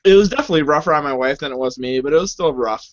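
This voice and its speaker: A man's voice: a little high, no echo. A man in his thirties or forties co-hosting a podcast, easygoing and joking in casual chat. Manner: easygoing, joking, drawn-out phrasing. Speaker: podcast co-host. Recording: dull lo-fi audio.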